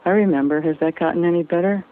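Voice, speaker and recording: A woman's voice: fairly low pitch, fast, close to an everyday voice. A woman voicing a folksy, fatherly old doctor. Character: older male doctor, folksy, soothing, fatherly. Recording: tinny phone-like dry sound.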